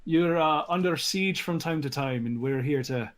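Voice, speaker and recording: A man's voice: on the high side, normal speed, lightly acted. A man voicing a hesitant, stammering male dwarf adventurer in a tabletop game.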